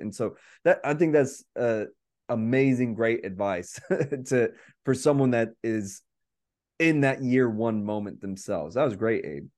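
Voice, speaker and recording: A man's voice: mid-range voice, moderate pace, darkish tone. A man in casual podcast conversation who rambles, laughs often and says "like" a lot. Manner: rambling, laughing, heavy use of "like".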